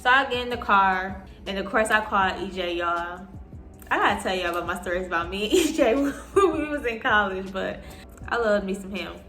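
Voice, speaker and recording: A young woman in her twenties telling an animated storytime, acting out what people said. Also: mid-range voice, normal speed. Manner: animated, acting out quotes in voices. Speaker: vlogger. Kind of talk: storytime vlog. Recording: echoey room with soft music. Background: soft background music.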